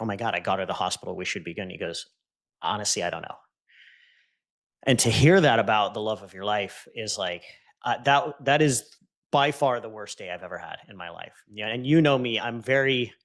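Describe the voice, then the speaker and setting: Man, lowish voice, earnest and intense, emotional storytelling, podcast guest, goes quiet on quoted lines. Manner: earnest and intense, voice dropping low and soft on quoted words. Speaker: podcast guest, entrepreneur and coach. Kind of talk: emotional personal storytelling in conversation.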